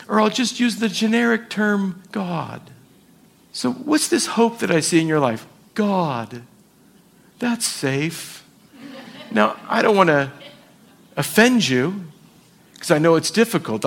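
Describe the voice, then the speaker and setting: A man preaching a sermon to his church, animated and quick to act out voices and quotes. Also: high voice, gravelly, slightly rough. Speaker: pastor.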